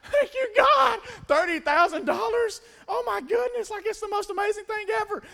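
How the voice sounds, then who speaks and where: A man voicing a young woman in a sermon, high and gushing at first, then whiny and complaining. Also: normal speed, vocal fry, pushed and bright, big-room sound, heavily acted. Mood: overjoyed.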